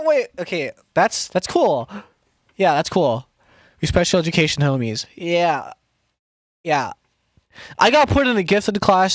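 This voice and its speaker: A man's voice: on the high side, no echo, studio quality. A young man who makes music, chatting casually to his stream as he works. He rambles, swears often and mocks himself, restarting his sentences a lot. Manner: rambling, profane and self-mocking, with many restarts. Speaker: music producer streaming to chat. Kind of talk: casual live-stream chat while producing.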